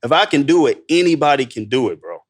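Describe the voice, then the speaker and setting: An excited man telling stories on a podcast, calling his host "bro" again and again. He acts out what others said in a sudden higher voice, then drops back to an everyday pitch. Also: fast, husky. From Missouri, United States. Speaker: guest entrepreneur. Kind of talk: animated podcast storytelling.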